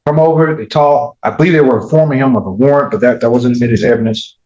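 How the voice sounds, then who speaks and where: A male defense attorney argues before the court, insistent and climbing in pitch as he presses each point. The courtroom audio echoes and sounds dull and muffled. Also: quick pace, darkish tone. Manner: argumentative, rising in pitch when pressing a point. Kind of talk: courtroom legal argument.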